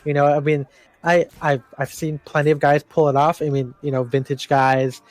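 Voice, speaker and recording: A man's voice: a little high, level tone, moderate pace, dry recording. A young man from Los Angeles, co-hosting a podcast in casual chat, rambling with many fillers and restarts. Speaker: podcast co-host.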